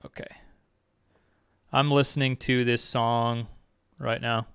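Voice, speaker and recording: A man hosts a podcast like a live chat with his viewers, rambling and swearing constantly. He is excitable and quick with exclamations. His voice is smooth and clear, and the recording is dry and close. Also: medium pitch, dry recording. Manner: rambling and heavily profane. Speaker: podcast host.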